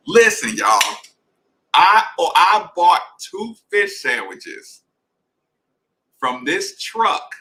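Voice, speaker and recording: A man tells a story in a loose, conversational way and keeps turning to talk straight to his listeners. His voice is very bright and sits a little high for a man. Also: a little slow, rough recording. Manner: animated, conversational, addresses listeners directly. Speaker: podcast host. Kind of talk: casual storytelling.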